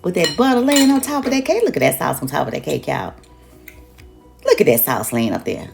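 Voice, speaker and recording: A woman's voice: low voice, animated, fairly quick, creaky, a little mellow, soft background music. An older woman hosting a cooking demonstration, exuberant and folksy, talking straight to her viewers. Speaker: cooking show host.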